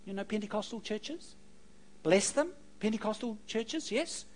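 A man preaching a sermon, telling stories with animated delivery and joking asides to the congregation. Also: high-pitched, measured pace, rough recording. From New Zealand. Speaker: pastor.

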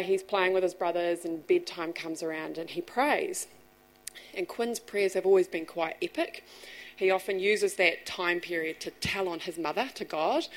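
A woman telling a church congregation an animated story about her young son, laughing as she goes. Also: mid-range voice. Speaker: mother sharing a story in church. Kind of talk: storytelling testimony.

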